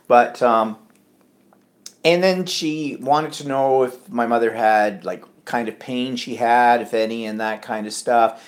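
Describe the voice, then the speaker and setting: A man's voice: medium pitch, unhurried. A man co-hosting a podcast, chatting and telling a story in which he acts out the people he quotes. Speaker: podcast co-host. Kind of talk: casual chat.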